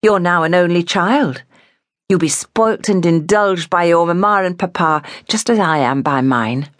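A woman's voice: on the low side, unhurried, no room sound, studio quality, voice pushed up, lightly acted. A woman reading the part of a confident, worldly young woman who talks in a teasing, breezy way. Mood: bright.

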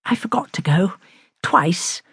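A woman's voice: high-pitched, moderate pace, dry recording, studio quality, voice pushed up. Woman voicing an anxious impulsive noblewoman. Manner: imploring, excitable. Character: anxious, impulsive titled English lady. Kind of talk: audiobook character reading.

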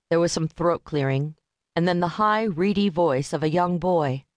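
A woman narrating a novel with a measured, steady reading. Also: low voice, no room sound. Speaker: audiobook narrator. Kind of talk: scripted narration. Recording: dry close studio audiobook.

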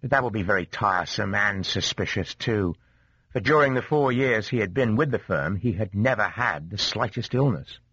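Man, audiobook narration, expressive, husky, lively pitch, dry dull recording. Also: normal speed, dry recording. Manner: expressive, varied delivery. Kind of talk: scripted narration. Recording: dull dry studio sound.

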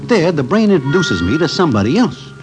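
A man's voice: on the high side, big pitch swings, fairly quick, low-quality recording. An actor playing a nervous city guy who narrates in stiff formal phrasing without contractions, in a 1940s radio drama. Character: Broadway, a nervous wisecracking city guy, man. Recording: old radio recording with faint music.

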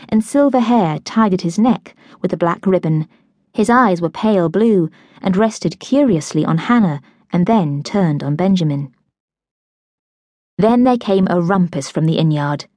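A woman reading a novel aloud in a measured, even manner. Her voice sits fairly low, and the close studio mic keeps the sound dry. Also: no room sound. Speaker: audiobook narrator. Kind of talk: scripted audiobook narration.

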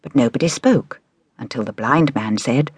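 A woman narrating a children's audiobook in a measured, expressive storytelling manner. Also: very deep voice, husky, no room sound.

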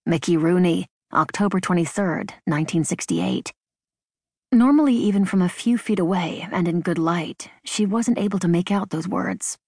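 A woman reading an unabridged novel in measured, even scripted narration. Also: lowish voice, dry recording. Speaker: audiobook narrator. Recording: dry studio booth.

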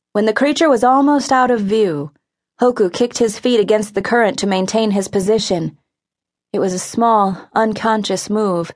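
A woman narrating a young-adult adventure audiobook, vivid and expressive in her reading. Her voice sits at an ordinary middle pitch. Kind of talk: scripted narration.

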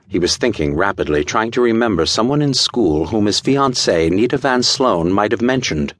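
Male narrator for a pulp adventure audiobook: deep, animated, measured and dramatic, close and dry. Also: dry recording. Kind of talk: scripted narration.

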